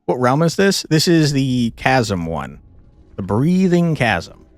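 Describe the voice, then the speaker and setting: Male streamer, lively swooping voice, frustrated and profane, faint game music behind. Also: medium pitch, takes it slowly, no echo. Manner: exasperated, swearing, laughing often. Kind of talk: casual gameplay commentary.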